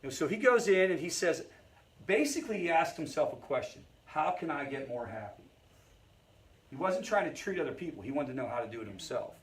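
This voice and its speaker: A man's voice: fairly high pitch, sing-song, fast. A man, teaching a family support group. He talks conversationally, tells stories along the way and keeps asking the room whether they follow him. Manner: engaging, checks in with the audience often; conversational, storytelling asides. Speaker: family recovery group facilitator.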